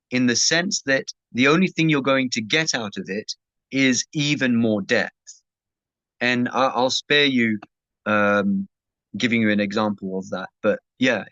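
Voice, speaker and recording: A man gives a relaxed, conversational teaching session, answering questions at a medium pitch and often stopping to ask "right?". The recording sounds muffled and lo-fi, and it is dry with almost no room echo. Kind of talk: casual Q&A teaching.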